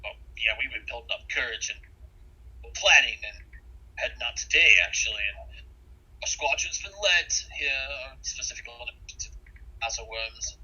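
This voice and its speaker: A man voicing a suspicious crusader soldier in a tabletop game, commanding and gruff. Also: medium pitch, expressive, normal speed, pushed and bright, muffled recording, heavily acted. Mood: wary. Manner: commanding, barking orders.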